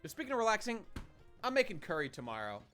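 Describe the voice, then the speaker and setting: A man's voice: high-pitched, huge pitch swings, quick pace, bright, forceful tone, faint music behind. A man streaming a game and chatting with his viewers in a rambling, profane way, often restarting his sentences. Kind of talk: casual live-stream commentary.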